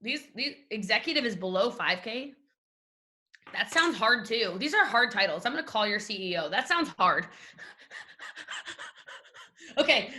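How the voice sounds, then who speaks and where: Bubbly high-voiced Southern woman speaker. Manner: animated, gushing, talks straight to listeners. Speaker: team leadership speaker. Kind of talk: energetic motivational talk on a call. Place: at home desk. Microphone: video call.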